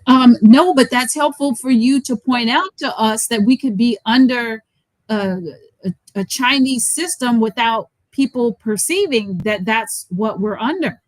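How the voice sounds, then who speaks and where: A woman works through a list of questions for a guest host, stepping in firmly when she wants more detail. Her voice sits a little high. The recording is dry and close, with no room sound. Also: unhurried, no echo, poor audio. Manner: persistent, interjecting to clarify. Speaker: interviewer. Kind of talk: reading listener questions.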